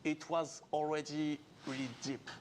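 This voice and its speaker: A man's voice: on the high side, flat delivery, measured pace, slight background noise. A game developer, a man, patiently explaining design details in an interview.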